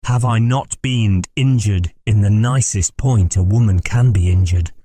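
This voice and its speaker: Imperious aristocratic mother read by a man, low, mellow and husky, audiobook. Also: measured pace, slight background noise, close to an everyday voice. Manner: stern, imperious. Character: stern proud aristocratic mother, a noblewoman. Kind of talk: audiobook character voice.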